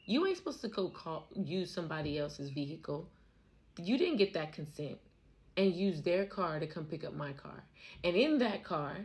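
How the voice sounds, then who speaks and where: An American woman vlogging, telling a personal story to camera in an emphatic, emotional way and repeating herself for stress. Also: deep voice. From United States. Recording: noisy background.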